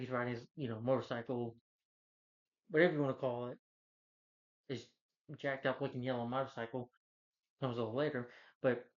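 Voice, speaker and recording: A man's voice: medium pitch, lo-fi sound. A man giving a casual, rambling, enthusiastic film review, retelling the plot.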